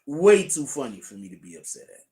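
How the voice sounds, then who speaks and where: Animated, incredulous man hosting a livestream. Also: medium pitch, brisk. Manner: incredulous, emphatic, laughing between remarks. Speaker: show host. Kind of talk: livestream commentary reading chat.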